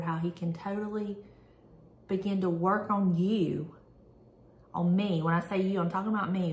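A woman's voice: mid-range voice, roomy sound. A woman vlogger reading a devotional prayer aloud and reflecting on it in an earnest, candid, conversational way.

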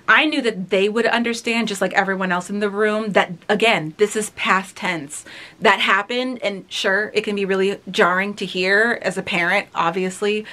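A woman's voice: mid-range voice, sharp tone. A woman of thirty talking candidly and casually as she reacts to her own old video, rambling with many fillers. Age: 30s. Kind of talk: casual reflective commentary.

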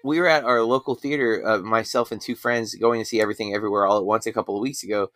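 A man's voice: on the low side, fairly even intonation, fast, fairly bright tone, no echo. A man hosting a podcast in casual chat, rambling and self-deprecating. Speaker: podcast host.

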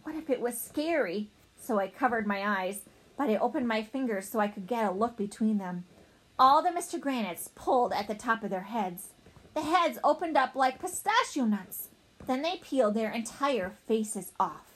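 Woman reading a kids chapter book, playful and goofy, high bouncy voice. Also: breathy edge, low-quality recording. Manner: playful, animated, voicing a young boy narrator. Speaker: audiobook narrator. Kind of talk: children's storybook narration.

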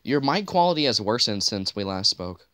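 Teenage boy, podcast co-host, casual chat, crude jokes, animated pitch. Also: normal speed, no echo. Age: teens. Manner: jokey, rambling, crude humor.

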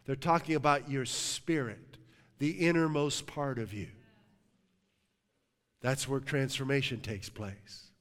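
A middle-aged man preaching a sermon as pastor, telling a story in a lively, joking way. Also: mid-range voice, slow, long pauses. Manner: animated storytelling, jokes and laughs with the congregation. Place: church sanctuary. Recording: long hall reverb.

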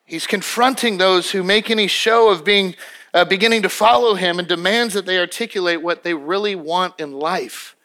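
A man's voice: high-pitched, moderate pace, pushed and bright. A male pastor preaching a sermon in an emphatic, conversational way, often restarting his sentences.

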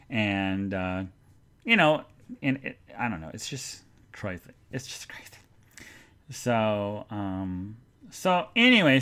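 A man's voice: medium pitch, a bit bright. Rambling chatty male podcast host. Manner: rambling, chatty, reads out listener chat comments; jokingly sarcastic when promoting the show. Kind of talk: casual rambling live-show chat.

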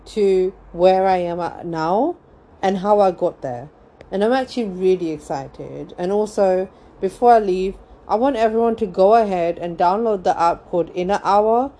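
Slow, mellow-voiced young woman chatting. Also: lowish voice. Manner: rambling, laughs often, many fillers. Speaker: podcast host. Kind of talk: casual gossip chat.

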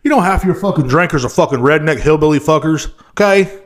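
A man's voice: on the high side, fairly quick. A man in his thirties hosting his own podcast, ranting casually in a profane, rambling, mocking way. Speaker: podcast host. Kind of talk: casual rant.

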